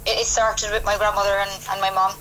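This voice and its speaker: A woman with a Cork Irish accent, a country singer, speaking on a phone interview in a soft, hesitant way with many pauses. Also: medium pitch, little pitch movement. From West Cork, Ireland. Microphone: telephone. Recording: phone line with faint noise.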